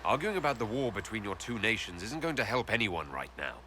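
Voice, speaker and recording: A man's voice: fairly low pitch, big pitch swings, fast talker, background noise. An actor playing the player's commanding male hero in a video game, who asks pointed questions in an assertive way.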